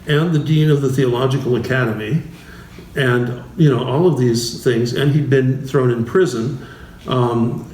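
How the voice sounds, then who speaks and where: Slow, halting man in a roomy hall. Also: medium pitch, a little mellow, far from the mic. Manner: slow, halting, many restarts and fillers, chuckles often. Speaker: bishop teaching a class series. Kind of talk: informal talk with anecdotes. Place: church. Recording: roomy church hall, voice from afar, faint noise.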